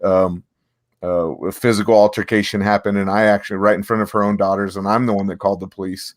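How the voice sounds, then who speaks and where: A man with a low voice co-hosting a casual podcast, recorded dry and close. He tells a personal story in a relaxed, rambling way. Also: quick pace, no echo. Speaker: podcast co-host.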